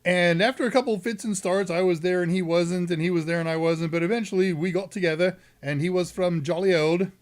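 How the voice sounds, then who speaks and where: Texan male stream host, a touch high-pitched, casual and rambling with jokey asides. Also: steady tone, brisk, hardly any pauses. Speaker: host of a live tech Q&A stream. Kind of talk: casual live-stream chat.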